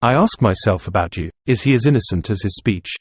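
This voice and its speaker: A man's voice: fairly low pitch, lively intonation, brisk, slightly rough, dry recording. A man voicing a proud, aloof young male student who speaks in a cutting, intense way, in an audiobook reading. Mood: earnest.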